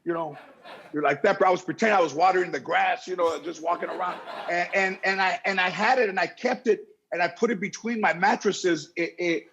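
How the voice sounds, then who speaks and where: A middle-aged man telling a rambling, animated story as a talk show guest. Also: high-pitched, brisk, lo-fi sound, a little hiss or hum. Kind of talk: casual storytelling.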